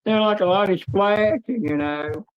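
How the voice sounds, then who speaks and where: A woman's voice: mid-range voice, unhurried, lo-fi sound. A woman co-hosting a livestream in casual chat, telling rambling, crude stories. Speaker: livestream co-host.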